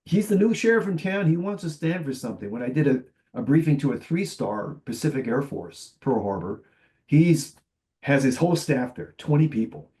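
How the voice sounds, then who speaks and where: A man on a conference panel telling animated stories, acting out the voices of the people he quotes. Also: fairly high pitch, moderate pace. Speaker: panelist, tech executive.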